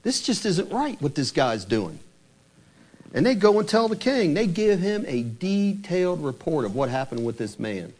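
A married man preaching a sermon in an animated way, asking many rhetorical questions and retelling scripture. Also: on the high side, normal speed. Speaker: pastor.

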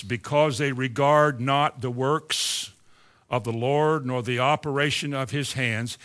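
A man preaching a fiery sermon, swinging from low musing to loud exclamations.

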